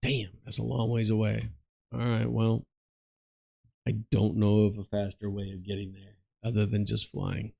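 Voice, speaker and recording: A man's voice: fairly low pitch, completely flat delivery, normal speed, creaky, warm tone, no echo. A man giving casual, rambling commentary while playing a game, swearing offhandedly. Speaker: gaming streamer and commentator.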